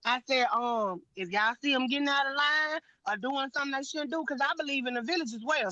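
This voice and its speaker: A woman's voice: sits high, brisk, few pauses, pushed and bright, no room sound, muffled recording. A woman telling a heated story on a live panel, blunt and profane, with lots of emphasis.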